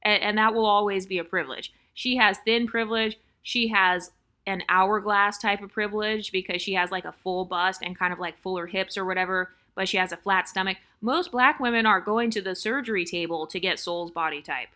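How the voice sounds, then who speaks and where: A woman's voice: mid-range voice, a little fast, pushed and bright. A woman vlogger giving blunt, opinionated commentary on online comments, repeating her points for emphasis.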